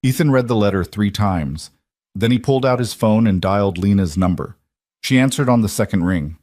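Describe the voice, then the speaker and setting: A male storyteller reading a scripted emotional tale in a slow, measured, somber delivery. His voice sits on the low side. The recording is close and completely dry. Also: a little mellow, no echo. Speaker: narrator.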